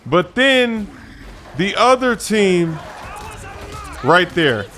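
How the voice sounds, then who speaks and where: A man giving chatty, animated gameplay commentary as a gaming channel host, repeating himself for emphasis. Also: sits high, extremely slow, a little hiss or hum. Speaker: gaming YouTuber. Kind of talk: gameplay commentary over footage. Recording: faint background music.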